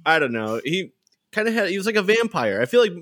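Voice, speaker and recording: Woman cohost jumping in, pitch bouncing around, bright tone. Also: big pitch swings, quick pace, no echo, clean studio sound. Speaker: podcast co-host. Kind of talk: casual banter.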